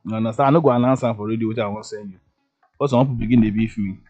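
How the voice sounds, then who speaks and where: A man's voice: fairly low pitch, fairly even intonation, very fast, a little mellow, highs cut off, soft background music. A man with a Nigerian accent hosting a radio show, chatting casually and joking, often checking "you understand?". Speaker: radio host. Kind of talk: casual radio chat in Pidgin English.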